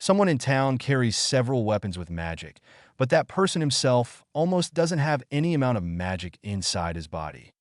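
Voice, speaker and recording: A man's voice: medium pitch, sing-song, normal speed, no echo, clean studio sound. A man reading fan fiction aloud as narrator, voicing all the parts himself. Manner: storytelling, reads all parts.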